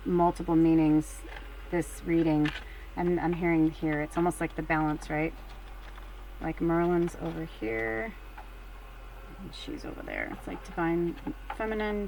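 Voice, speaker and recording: A woman's voice: mid-range voice, a little hiss or hum, rough recording. Rambling, chatty woman reading cards. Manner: chatty, rambling, full of fillers; expressive, swings between hushed and excited. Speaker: tarot card reader. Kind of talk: casual card reading chat.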